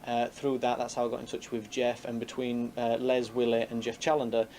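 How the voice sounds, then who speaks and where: A man's voice: medium pitch, completely flat delivery, brisk, a little mellow, slight background noise. A man who founded a UFO group, talking in a rambling, casual interview with many fillers.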